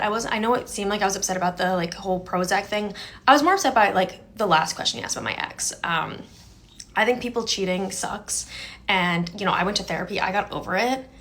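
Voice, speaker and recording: A woman's voice: medium pitch, brisk, fairly bright tone. Indignant young woman telling a story. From New Jersey. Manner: indignant, quotes both sides with "I was like". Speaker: storyteller recounting a date. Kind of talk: casual storytelling video.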